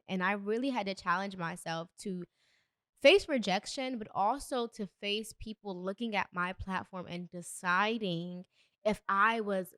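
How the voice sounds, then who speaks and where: A woman's voice: mid-range voice, fairly bright tone, dry recording, clean studio sound. A young adult woman hosting a solo podcast, talking earnestly and a bit preachy, with emphatic bursts. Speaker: podcast host. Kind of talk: solo motivational podcast talk.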